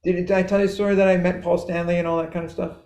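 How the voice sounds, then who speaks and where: A man's voice: high-pitched, level tone, very fast, darkish tone, reverberant, slight background noise. A middle-aged man with a Canadian accent, chatting as a podcast guest in a rambling, self-interrupting way with frequent laughs. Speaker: guest musician. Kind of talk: casual podcast chat.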